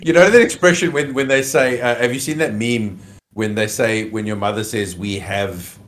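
A man's voice: medium pitch, steady tone, moderate pace, a bit bright. A man co-hosting a casual film review podcast, opinionated and rambling, with some swearing. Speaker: podcast co-host.

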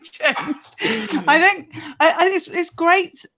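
A woman's voice: very high-pitched, fairly even intonation, slow pace, pushed and bright, dull audio. A woman in her late forties, hosting an interview, speaking reflectively and laughing easily. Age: late 40s. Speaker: interviewer, podcast host. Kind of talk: casual interview chat.

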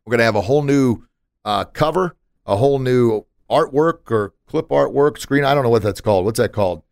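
A man's voice: mid-range voice, animated, a little fast, vocal fry, darkish tone, clear, resonant tone, no room sound, studio quality. A man hosting a podcast in casual chat, emphatic and motivational, with punchy asides. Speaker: podcast host.

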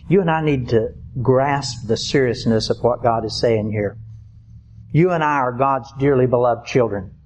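A man preaching a sermon in an earnest, emphatic way, slowing down to stress key points. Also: mid-range voice, darkish tone.

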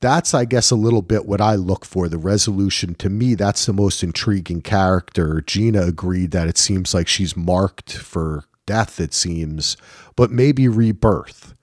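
A man from New Jersey with a low voice talks through a TV episode in casual podcast chat. He rambles loosely, trailing off into ums as he thinks. The sound is dry and close. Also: measured pace, a little mellow, no echo. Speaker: podcast co-host.

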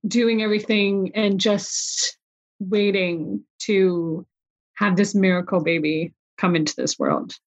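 A woman's voice: mid-range voice, highs cut off. A woman in her forties telling a personal story in an interview, quoting dialogue and sounding emotional. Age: 40s. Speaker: guest. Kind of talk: conversational interview.

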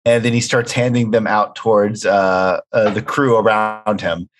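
A man's voice: fairly low pitch, steady tone, unhurried. A man playing a tabletop role-playing game, rambling through descriptions with many fillers. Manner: rambling, full of "like" and "uh". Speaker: player. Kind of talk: tabletop role-play, describing his character's actions.

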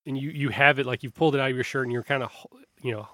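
A man's voice: mid-range voice, steady tone, rapid-fire, fairly bright tone, no room sound. A man running a tabletop game as game master, describing scenes in a loose, rambling way with frequent restarts.

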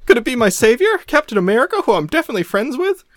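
A squealing, whiny young sidekick. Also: male voice, very animated, very fast. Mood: pleading. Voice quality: high, pleading squeal. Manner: stammering and wailing.

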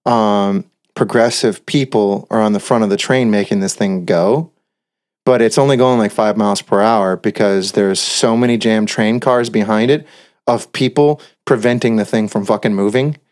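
A man co-hosting a podcast in casual chat, recounting stories in a relaxed way with lots of "like" and "you know". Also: fairly low pitch, normal speed. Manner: laid-back storyteller, filler-heavy. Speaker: podcast co-host.

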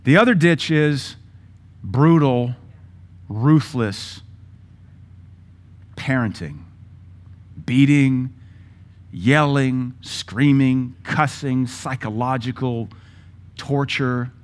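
A man's voice: mid-range voice, drawn-out words, pauses often. A middle-aged man preaching a sermon, emphatic, listing words in punchy bursts. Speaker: pastor.

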